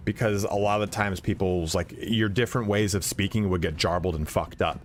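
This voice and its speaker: A man's voice: low-pitched, steady tone, fairly quick, slight background noise. A man streaming a game, chatting casually in a rambling way, with lots of swearing, fillers and restarts. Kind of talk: casual chat while playing. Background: faint game music.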